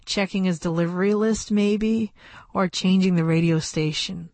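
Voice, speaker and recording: Close to a studio mic, a woman narrates a first-person story as an audiobook reader, plain and measured. Her voice sits fairly low, steady and somewhat dark, and the recording is dry.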